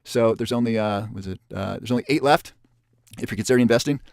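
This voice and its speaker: A man hosts an online webinar and pushes the sale of a course. His voice sits at a middle pitch. He keeps repeating the price and how many spots are left, and the sound is dry and close. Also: fast talker, gravelly, a little mellow, no echo. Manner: pushy salesman tone, repeats offers and counts down spots. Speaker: webinar presenter.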